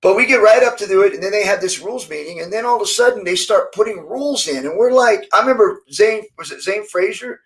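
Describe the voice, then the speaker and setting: A middle-aged man tells fight stories in a relaxed interview, his voice gravelly with a slightly raised pitch. He acts out what others said to him and often restarts his sentences. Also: fast, few pauses, poor audio. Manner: animated storyteller acting out quoted dialogue, many restarts. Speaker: interview guest, former fighter. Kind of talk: casual storytelling interview.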